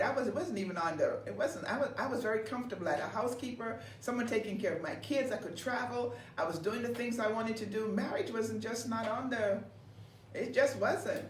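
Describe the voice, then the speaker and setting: A woman pastor co-hosting a ministry broadcast, telling stories in a lively way, laughing often and repeating her words. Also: mid-range voice. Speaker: pastor and co-host. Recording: roomy, distant mic with faint background noise.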